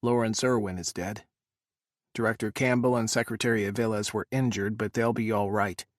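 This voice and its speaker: A man voicing an exhausted male Secret Service agent, speaking low, measured and somber. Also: fairly even intonation, no room sound, studio quality, close to an everyday voice. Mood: grim.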